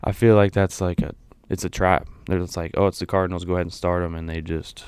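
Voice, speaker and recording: Low-voiced man hosting sports chat. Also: fast, clear, resonant tone, no room sound. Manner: relaxed, runs the segment. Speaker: podcast co-host.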